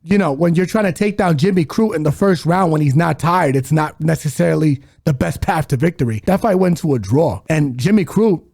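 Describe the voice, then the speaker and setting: A man co-hosting a fight podcast, talking through his picks in a blunt, casual way. His voice sits fairly high with a gravelly rasp. He drops swear words as he explains himself. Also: brisk, hardly any pauses, a little mellow. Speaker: podcast co-host. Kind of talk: casual sports betting chat.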